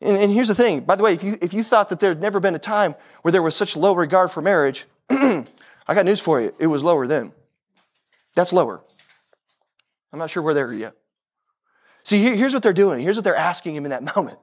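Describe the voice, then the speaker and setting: A man's voice: high voice, lively intonation, brisk, pauses often. A man. He repeats phrases and speaks directly to his listeners, hammering points home. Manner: impassioned, repeats phrases, talks straight to the congregation. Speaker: pastor. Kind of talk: sermon.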